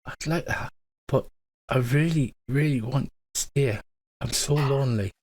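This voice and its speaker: Shy lonely tree spirit, female, soft and pleading, played by a man, dry close sound. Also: medium pitch, a little slow, no echo, lightly acted.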